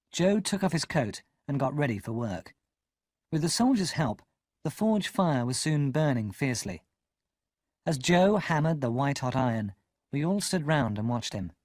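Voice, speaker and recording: A man narrating an audiobook in an expressive storytelling manner. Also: mid-range voice, no echo, studio quality. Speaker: audiobook reader.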